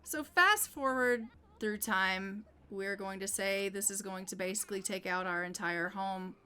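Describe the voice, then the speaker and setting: Bright-voiced woman narrating her gameplay. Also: mid-range voice, unhurried, clear, resonant tone. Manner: chatty, thinking aloud as she plays. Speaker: gaming YouTuber. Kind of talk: casual gameplay commentary.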